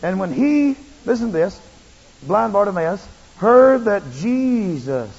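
A male preacher giving a fervent, repetitive sermon that rises into shouts. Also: high voice, sing-song, slow, creaky, slightly rough. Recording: muffled, long hall reverb.

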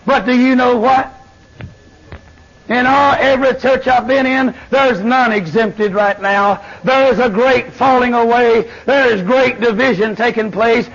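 A man preaching a fiery sermon, swinging between shouted lines and low murmurs. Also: fairly even intonation, measured pace, gravelly, breathy edge. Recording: dull lo-fi sermon recording.

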